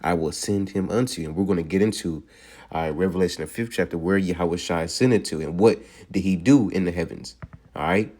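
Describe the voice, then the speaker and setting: A low-voiced man teaches a sermon from the Bible in a mellow, relaxed tone. He reads the verses slowly and keeps saying "all right" as he walks through what each part means. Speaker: preacher. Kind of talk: scripture teaching.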